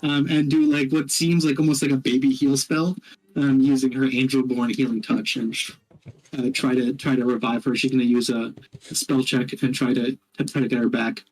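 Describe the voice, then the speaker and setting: A man playing a tabletop game, narrating his character's actions in a halting way. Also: medium pitch, little pitch movement, darkish tone, poor audio. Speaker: player. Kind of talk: casual tabletop play.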